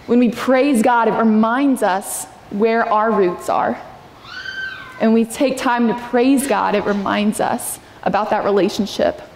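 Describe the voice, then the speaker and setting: A woman's voice: fairly high pitch, a little slow, a little hiss or hum. A young woman preaching a sermon in a church, earnest and personal, sometimes acting out prayers in a raised voice. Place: church sanctuary. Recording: echoey hall with long reverb.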